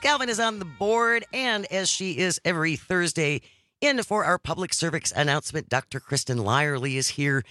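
A woman's voice: low-pitched, lively intonation, moderate pace, bright, forceful tone, dry recording. A woman hosting a morning radio talk show live from a studio, upbeat and jokey, speaking into a studio microphone.

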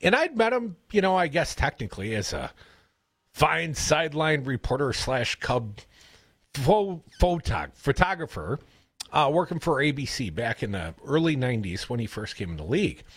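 A man with a Wisconsin accent hosting a radio show, telling rambling stories in a casual, animated way. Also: mid-range voice, moderate pace, breathy edge, no room sound. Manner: chatty, rambling storyteller, animated. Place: radio studio. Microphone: studio broadcast mic.

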